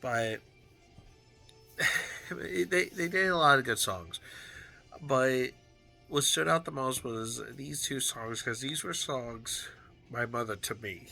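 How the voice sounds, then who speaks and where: A man speaking to camera in a personal video journal, slow and unhurried, often breaking off and restarting his sentences. His voice is strikingly bright and sharp. His manner is earnest and heartfelt, over faint background music. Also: mid-range voice, gravelly. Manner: halting, with frequent restarts and fillers. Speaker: vlogger.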